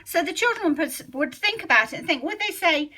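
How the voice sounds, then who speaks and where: A middle-aged woman, a literacy teacher trainer, explains a spelling method while leafing through a book, thinking aloud and sounding words out slowly. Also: extremely high pitch, animated, pushed and bright.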